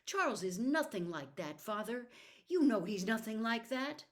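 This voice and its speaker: A woman reading aloud, voicing a frantic, desperate young girl with high, anguished cries. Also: big pitch swings, moderate pace.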